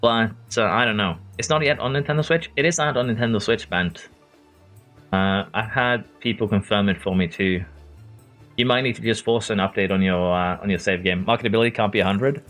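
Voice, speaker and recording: This Norwegian streamer speaks briskly in a lowish voice with a fairly bright tone, over soft background music. He casually comments on a racing management game while reading chat, chatting with viewers by name and chuckling often.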